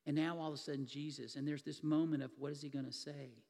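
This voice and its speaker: High-voiced preacher in a reverberant hall. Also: male voice, steady tone, quick pace, gravelly, a little mellow. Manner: vivid storytelling, retelling a scripture scene. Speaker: pastor. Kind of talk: sermon.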